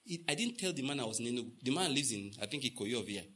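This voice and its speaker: A Nigerian pastor preaches a sermon in a mid-range voice that is animated and rapid-fire, fairly bright, with a breathy edge. He tells stories and acts out the dialogue, repeats lines for emphasis, and puts questions to the congregation.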